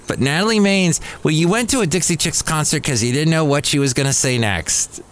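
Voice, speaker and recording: A man's voice: fairly high pitch, fairly quick. Rambling male podcast host. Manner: rambling, corrects himself aloud. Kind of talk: casual monologue.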